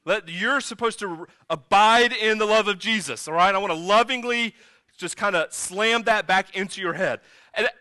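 Male pastor, sermon delivery, light high voice, chatty then emphatic, dry close sound. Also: moderate pace, no echo. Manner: conversational, animated storytelling with sudden emphatic rises.

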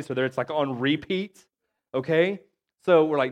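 A man's voice: a little high, normal speed. A man in his thirties with a cough, preaching a conversational sermon as a pastor and checking in with the congregation after nearly every point. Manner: chatty, keeps checking in with "okay?" and "right?". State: has a cough.

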